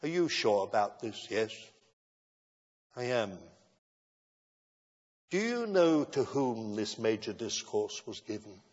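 A man preaching a sermon in a measured style that builds to emphatic declarations. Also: on the low side, very animated, a little mellow. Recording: dull lo-fi sound with long hall reverb.

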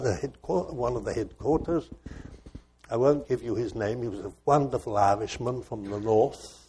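An older man, a preacher, telling a personal story in a reflective, gently self-mocking way. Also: medium pitch, husky. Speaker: preacher and former missionary.

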